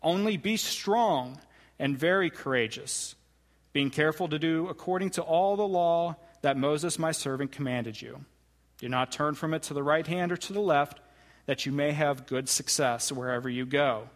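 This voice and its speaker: A man preaches in a church sanctuary, his voice sitting a little high for a man. He leans on key words with slow, emphatic stresses. A long reverb from the big hall trails each phrase. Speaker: pastor. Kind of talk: sermon.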